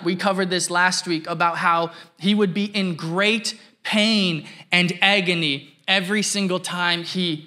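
A man preaching a sermon as pastor, telling a story in a lively way and acting out the people in it. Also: high-pitched. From Canada. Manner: animated, acts out quotes, laughs while telling.

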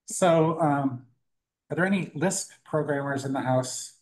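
Speaking in a meetup room before an audience, this man delivers a live tech talk and demo as a conference speaker, keeping it loose and jokey with lots of fillers and false starts. He sounds on the high side and takes his time. The recording quality is low.

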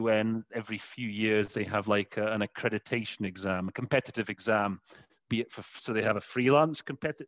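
Interpreter guest, male, lowish voice, hesitant and full of fillers, dry close sound. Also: a bit bright, no room sound. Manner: halting, searching for words with many fillers. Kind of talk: conversational interview.

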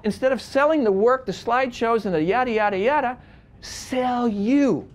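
A wedding photographer teaching a seminar, telling stories in an animated, conversational way with frequent restarts and big swings from quiet to loud. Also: male voice, high-pitched. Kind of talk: lively storytelling lecture.

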